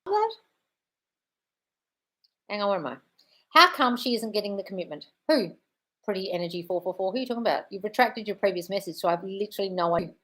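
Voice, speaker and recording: A woman's voice: medium pitch, animated, fast, pauses often, fairly bright tone. A woman coach hosting a live Q&A, reading viewers' chat questions and answering bluntly, swearing freely and calling people darling. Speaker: manifestation coach.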